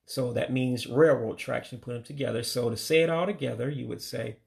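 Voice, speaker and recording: An American man giving a casual vocabulary lesson, saying each word slowly, repeating it, then giving its English meaning. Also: mid-range voice, creaky, a little mellow. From United States. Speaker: language learner teaching vocabulary.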